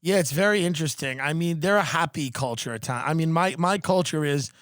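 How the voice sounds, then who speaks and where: A man hosting a podcast from his room, joking in a rambling, deadpan way in casual chat. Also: a little high, a little fast, no room sound, clean studio sound. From United States. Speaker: podcast host.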